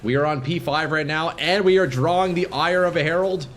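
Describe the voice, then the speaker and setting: A man streaming live gameplay, commenting casually to his viewers and swinging from calm explanation to excited shouting. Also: fairly high pitch, fairly quick. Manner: casual, profane, addresses chat as boys.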